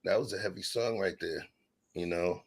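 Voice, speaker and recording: A man's voice: low voice, normal speed. A man hosting a casual podcast chat, emphatic and laughing, with lots of 'you know'. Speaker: host.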